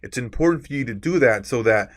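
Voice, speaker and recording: A man's voice: medium pitch, lively intonation, fast. A man teaching a recorded course lecture. He explains with examples, stresses key words on purpose and often adds a tag "right?". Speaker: course instructor.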